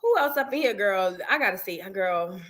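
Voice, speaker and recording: A woman's voice: mid-range voice, lively intonation, moderate pace, a bit bright. A young woman hosting a casual livestream, greeting viewers by name in a chatty, drawling way. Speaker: livestream host. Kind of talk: casual live-stream chat greeting viewers.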